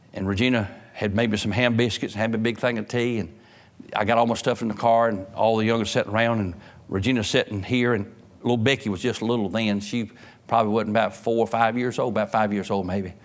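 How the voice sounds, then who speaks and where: A pastor, preaching a sermon and telling homespun stories. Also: male voice, on the low side. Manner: folksy storytelling preacher, rising in emphasis.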